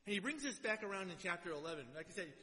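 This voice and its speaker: A man preaching a sermon and reading scripture aloud, swinging between loud exhortation and quiet, low asides, in a church. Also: expressive, very fast. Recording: long hall reverb.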